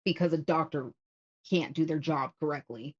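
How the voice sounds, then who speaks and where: A woman's voice: low voice, moderate pace, darkish tone, breathy edge, lo-fi sound. A woman co-hosting a live stream in casual chat, talking frankly and swearing freely when she is worked up. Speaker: co-host.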